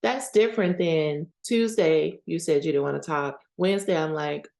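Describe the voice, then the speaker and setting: A woman's voice: low voice, moderate pace, vocal fry, darkish tone. A woman hosting a self-help podcast, speaking candidly about her own experiences in a conversational way and often checking in with "right?". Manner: candid and personal. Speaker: podcast host. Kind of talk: reflective self-help talk.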